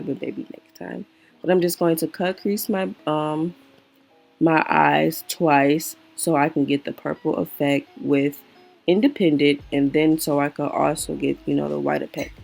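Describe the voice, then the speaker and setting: A young woman narrating her makeup tutorial in a chatty, slangy way, often correcting herself, with a deep morning voice. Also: creaky, a little mellow. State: low, gravelly morning voice. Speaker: beauty vlogger. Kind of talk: casual voice-over for a makeup tutorial.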